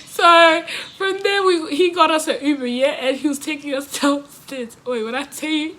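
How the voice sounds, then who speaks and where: A woman tells a story straight to her viewers in a relaxed, chatty way. Her voice sits a little high and rings very bright. She laughs often and slips into quick impressions of the people in her story. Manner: animated, laughs often, acts out quotes. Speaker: vlogger. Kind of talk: casual storytime chat to camera.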